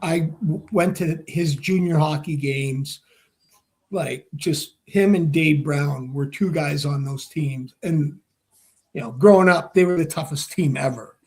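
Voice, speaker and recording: A man with a slightly higher-than-usual voice spins a rowdy story in an interview. He acts out every line of dialogue and swears freely as he goes. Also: unhurried, darkish tone. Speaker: former hockey player, guest.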